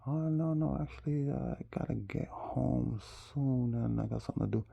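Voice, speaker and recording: A man with a Jamaican accent voicing an overeager, gushing young woman in a squealing falsetto that repeats "yeah" and "oh". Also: moderate pace, gravelly, husky, dull audio. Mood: eager.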